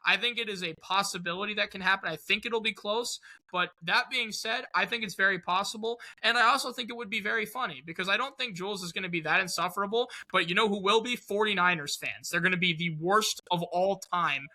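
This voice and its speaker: A man's voice: high-pitched, fast, pushed and bright, rough recording. A man co-hosting a casual sports podcast who talks in a chatty way and often repeats words as he starts a thought. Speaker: podcast co-host.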